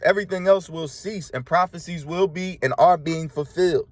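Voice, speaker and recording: A man's voice: high voice, normal speed, hardly any pauses, no echo. A man preaching a sermon in an emphatic, colloquial way, often checking in with his listeners. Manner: preachy, emphatic, frequent "right?" check-ins; colloquial street-flavored speech.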